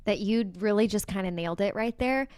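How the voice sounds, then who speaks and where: A young woman co-hosts a podcast, chatting casually about wedding planning in a brisk, mid-range voice with a clear, resonant tone. She's chatty and animated, constantly acting out little quotes. The recording is dry with clean studio sound.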